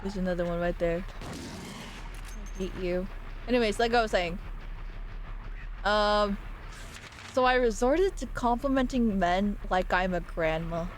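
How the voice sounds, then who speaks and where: A woman's voice: medium pitch, measured pace, long pauses, a little hiss or hum, low-quality recording. A young adult woman streamer chatting casually and jokily while gaming, rambling from one thought to the next. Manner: animated, jokey and rambling.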